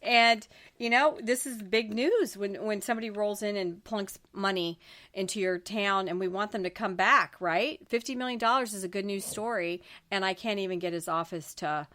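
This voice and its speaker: A woman's voice: mid-range voice, fairly bright tone. Emphatic, exasperated middle-aged woman host. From Florida Panhandle, US. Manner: emphatic, exasperated ranting with frequent restarts. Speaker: talk show host. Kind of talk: political talk show chat.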